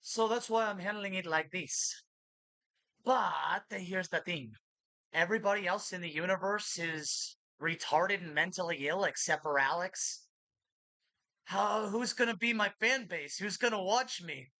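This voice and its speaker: Woman, vlog rant, bright tense voice, dry close sound, accusatory, repetitive. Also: fairly low pitch, measured pace, dry recording, rough recording. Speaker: vlogger. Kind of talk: ranting monologue to camera.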